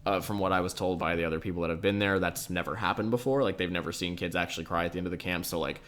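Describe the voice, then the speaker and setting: A young man with a low voice tells a story in loose podcast chat. He rambles, fills nearly every phrase with "like" and swears casually. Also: fairly even intonation, rapid-fire, a bit bright, slight background noise. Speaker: podcast co-host.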